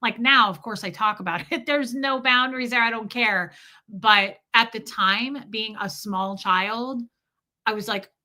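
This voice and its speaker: A woman's voice: fairly high pitch, measured pace, pushed and bright. A woman hosting a livestream and telling a candid, rambling personal story to her chat. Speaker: livestream host. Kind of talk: casual storytelling to live chat.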